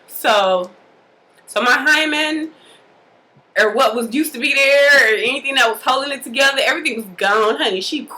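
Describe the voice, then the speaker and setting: A woman casually telling a personal story to the camera in a lively, colloquial way, acting out the scenes as she goes. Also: a little high, poor audio. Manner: animated, colloquial, acts out the scenes. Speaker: mother telling a birth story.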